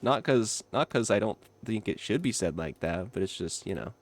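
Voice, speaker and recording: Gaming on stream, a young man who isn't from Kentucky talks loosely with chat, laughing a lot and responding to comments in a lowish voice with lively intonation at a normal pace.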